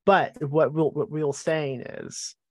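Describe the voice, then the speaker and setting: A man's voice: fairly high pitch, steady tone, takes it slowly, a little mellow, no room sound, studio quality. A man appearing as a podcast guest, chatting casually with irreverent, crude, wry humor. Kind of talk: casual joking chat.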